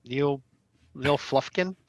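A man's voice: mid-range voice, slow pace. A man co-hosting a casual podcast chat, cutting in with stammering asides. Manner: stammering, interjecting. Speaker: podcast co-host.

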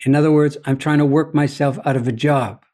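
Male guest with a measured, reflective delivery and a somewhat raised pitch; a thoughtful storyteller. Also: fairly even intonation, mellow. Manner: deliberate, philosophical, often asks "you see?". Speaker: podcast guest.

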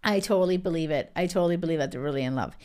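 A woman in her thirties hosting a casual reality TV recap, gushing and animated with lots of filler words. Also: low-pitched, very fast, smooth. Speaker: podcast host.

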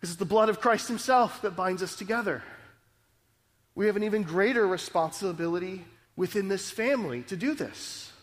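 A man's voice: high-pitched, normal speed, long reverb tail. A male pastor preaching a sermon in an earnest, conversational way, often checking in with the congregation. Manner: earnest, conversational preaching with frequent "right?" asides.

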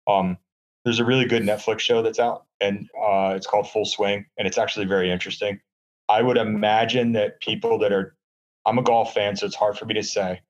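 In lo-fi audio captured in a hotel room, a podcast co-host with a rather low voice keeps up a casual chat. His talk is sarcastic and rambling, packed with fillers.

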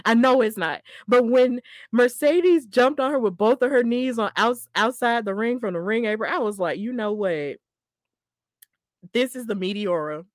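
A woman hosting a podcast, casually recapping a wrestling match in a chatty, excitable way and laughing often. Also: a little high, moderate pace, no room sound, clean studio sound. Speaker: podcast host.

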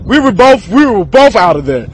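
A man's voice: high voice, big pitch swings, normal speed, slightly rough, poor audio. A man from Texas, rambling through a profane freestyle rant to camera and laughing between thoughts.

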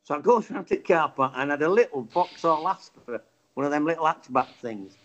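Yorkshire bloke in his 50s spinning a yarn, voice jumps all over, slightly high, bit muffled lo-fi. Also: brisk. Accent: West Yorkshire. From Bradford, England. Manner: animated, acts out quotes, swears. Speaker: angler telling a story. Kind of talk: casual anecdote. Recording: dull lo-fi sound.

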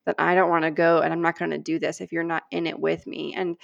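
A woman co-hosting a podcast, telling a personal story in an animated, earnest way and acting out the lines she quotes. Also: low-pitched, quick pace, gravelly, lo-fi sound. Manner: animated storyteller, acts out quoted prayers and dialogue; earnest and heartfelt. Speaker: podcast co-host.

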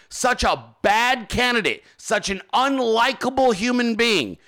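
High, bright-voiced man on a profane rant. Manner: profane, mocking, ranting. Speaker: show host. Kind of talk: political commentary rant.

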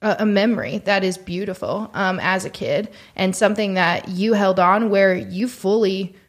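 A woman co-hosting a faith-based podcast, earnest and encouraging, slowing down to guide listeners through deep breaths. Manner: earnest, encouraging, speaks slowly when leading prayerful moments. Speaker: podcast co-host.

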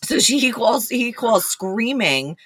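A woman's voice: a little high, very animated, slow, over a noisy crowd. A young woman, a rescue founder, telling stories casually with lots of laughter and quoted dialogue. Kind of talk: casual storytelling.

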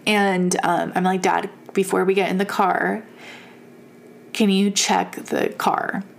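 A young woman telling a story in casual chat, animated and profane, laughing often. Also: mid-range voice, takes it slowly, vocal fry.

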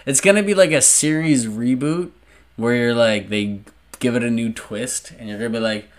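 A man talking as a podcast guest, rambling and animated, swearing freely. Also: mid-range voice, moderate pace. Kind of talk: casual chat.

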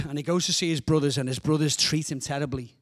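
Passionate Scouse preacher, fairly high voice. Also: male voice, steady tone, a little fast. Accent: Liverpool. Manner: passionate, repeats words while building up. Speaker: guest preacher. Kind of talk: sermon.

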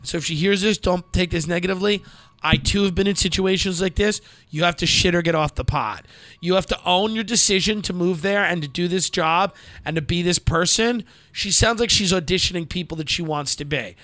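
A man's voice: sits high, a little fast, bright, forceful tone, dry recording. A man co-hosting a podcast in casual banter, blunt, brash and profane, giving unfiltered advice. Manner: puts on mocking voices. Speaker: podcast co-host.

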